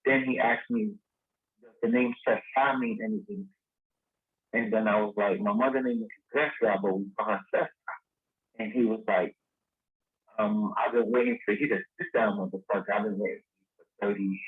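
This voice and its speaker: A man guest telling a lively story in a casual interview, acting out the dialogue he quotes. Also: lowish voice, normal speed, breathy edge. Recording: tinny phone-line sound.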